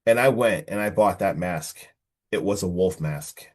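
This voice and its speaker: Excitable man retelling a film. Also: low voice, a little slow. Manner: animated retelling, acts out the characters; excitable, slangy. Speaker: podcast host. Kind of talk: casual podcast film review.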